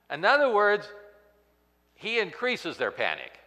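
A man preaching a sermon, swinging from loud outbursts to hushed, near-whispered lines. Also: sits high, wildly swooping pitch, unhurried, big-room sound. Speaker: pastor.

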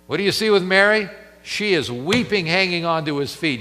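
Male preacher with a forceful voice, emphatic sermon delivery with dramatic pauses and a long hall echo. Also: sits high, lively intonation.

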